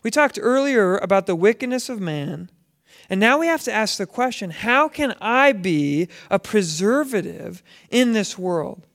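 Preaching to his congregation, this man works through a Bible lesson in a conversational style, putting questions to the audience as he goes. His voice is high, expressive and a bit bright, and he talks a little slowly.

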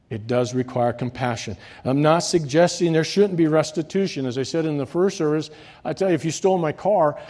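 A man preaching a sermon, swinging between loud, rising reading and quiet, dropped endings. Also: fairly high pitch. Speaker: pastor.

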